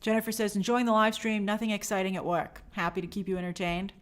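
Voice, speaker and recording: Here the host is a fast-talking woman with a medium-pitched voice. On her casual livestream she voices viewer comments and replies chattily, staying animated throughout and signing off with plenty of bubble.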